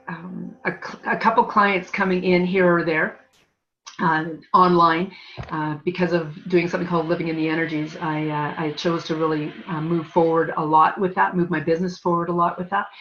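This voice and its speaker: A woman's voice: fairly low pitch, fairly bright tone, slight background noise. A woman talking as a guest in an interview, rambling with many fillers and restarts. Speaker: guest, energy healer. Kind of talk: casual interview talk. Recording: dull lo-fi sound.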